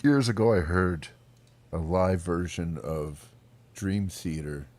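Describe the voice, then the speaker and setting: A man's voice: low voice, slow pace, no echo. A man co-hosting a casual guitar chat, blunt and swearing freely as he gets worked up about playing. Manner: blunt, swears freely, animated when excited.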